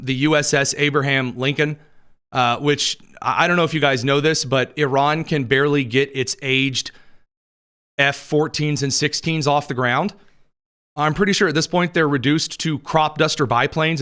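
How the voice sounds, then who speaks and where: It's sarcastic political news commentary from a man whose slightly high voice comes across as a bit bright, clear and resonant. Speaking into a studio mic as host, he works through the headlines with wry jabs and laughs at his own jokes, his throat somewhat dry.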